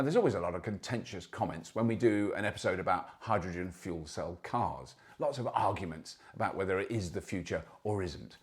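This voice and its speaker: Chatty man in his sixties. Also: on the low side. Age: 60s. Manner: chatty and anecdotal, with asides. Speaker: show host. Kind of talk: casual news commentary.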